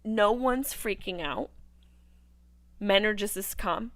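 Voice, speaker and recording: A woman hosting a live movie watch-along, riffing with crude jokes and swinging between loud outbursts and hushed asides. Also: medium pitch, takes it slowly, no room sound. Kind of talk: casual riffing commentary over a film.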